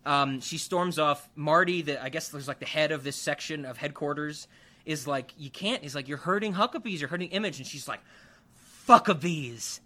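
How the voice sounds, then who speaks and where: A man's voice: fairly high pitch, a little fast. A man casually recapping a movie, acting out characters' lines as he goes. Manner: animated, acts out characters' lines. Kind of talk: casual film recap chat.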